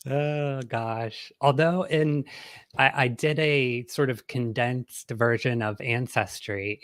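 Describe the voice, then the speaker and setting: Man, podcast host, friendly and chatty, filler-heavy, mid-pitched, dry close sound. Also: fairly bright tone, no room sound. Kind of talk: casual live-stream interview. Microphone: video call.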